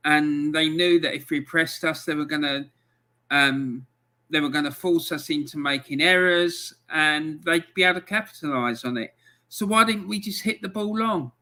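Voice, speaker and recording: A man's voice: on the high side, moderate pace, bright, forceful tone. A man hosting a live football fan stream, ranting in angry exasperation about his team's loss. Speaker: fan channel host.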